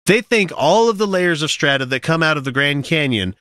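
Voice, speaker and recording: Lively, bright-voiced male podcast host. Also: fairly high pitch, brisk, no echo. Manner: profane, sarcastic, reads a text aloud mockingly. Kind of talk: casual podcast chat.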